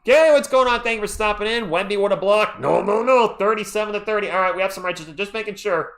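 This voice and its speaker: Speaking fast in a high-sitting voice, this man runs a live play-by-play stream, calling the action as an open fan. He's excitable and biased toward his side, chatting with viewers and shouting out names from the chat.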